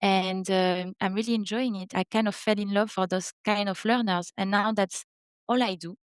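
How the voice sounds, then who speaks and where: A woman's voice: medium pitch, steady tone, moderate pace, clean tone, dry recording. A woman in her thirties from France with a French accent, a French teacher speaking in an interview, earnest and explanatory. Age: 30s. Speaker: French teacher, podcast guest. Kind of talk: interview conversation.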